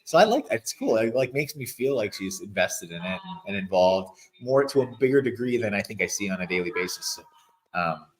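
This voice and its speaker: A man's voice: on the low side, a little fast, low-quality recording. A man in his thirties, a guest athlete, talking casually and rambling in an interview with lots of filler words. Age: 30s. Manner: relaxed, rambling, many "like" fillers.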